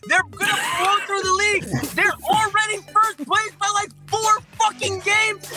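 A drunk man with a very high voice hurls a loud, profane, boastful rant. Music plays clearly behind him. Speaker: panelist.

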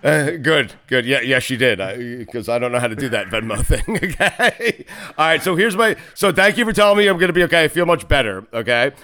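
A man hosting a sports talk show, excitable and joking, laughing often and swearing in casual banter. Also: medium pitch, a little fast. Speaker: host.

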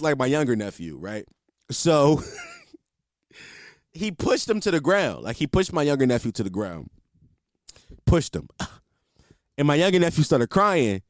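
A man's voice: sits high, no echo, clean studio sound. A young man telling comic stories in a loose, slangy way, laughing often and swearing freely. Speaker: comedian. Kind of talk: casual comedic storytelling.

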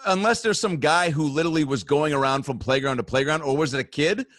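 A man's voice: a little high, fast talker, dry recording, clean studio sound. A man from Seattle co-hosting a comedy podcast, telling stories with lots of laughs. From Seattle, Washington. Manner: laughs often, animated storytelling. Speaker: podcast co-host. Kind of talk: casual comedy podcast banter.

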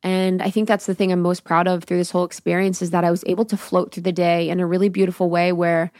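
A woman's voice: fairly low pitch, flat delivery, fast, a little mellow, dry recording, clean studio sound. A woman hosting her own podcast alone, telling a personal story candidly and with swearing, and acting out her own thoughts as she goes. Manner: acts out her own inner dialogue. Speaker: podcast host. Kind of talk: solo podcast recap.

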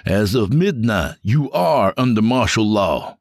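A man's voice: fairly low pitch, big pitch swings, measured pace, no room sound, clean studio sound, voice pushed up, exaggerated voice. A man voicing a smug, menacing male security chief who mocks and orders people around. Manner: taunting, mocking, commanding. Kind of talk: audio drama narration.

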